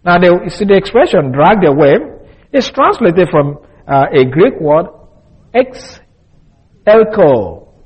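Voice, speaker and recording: A male Bible teacher giving a deliberate expository lesson and spelling out Greek words letter by letter. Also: sits high, sing-song, breathy edge, poor audio.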